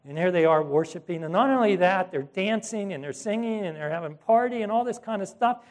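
A man delivering a sermon, pitched a little higher than most men. He speaks in an animated, conversational style, breaking into asides and correcting himself as he retells scripture. He acts out the voices of the people in the stories. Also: brisk. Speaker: pastor.

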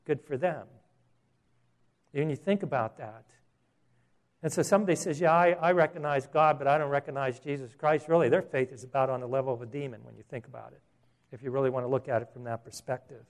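A man preaching a sermon, animated, rising to loud emphasis and dropping to quiet asides. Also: a little high. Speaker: pastor.

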